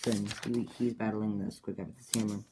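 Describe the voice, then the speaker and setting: A comic creator casually recaps an adventure story he made up, rambling hesitantly with many ums and restarts. His voice is on the low side and level in tone, he speaks quickly, and there is clear background noise.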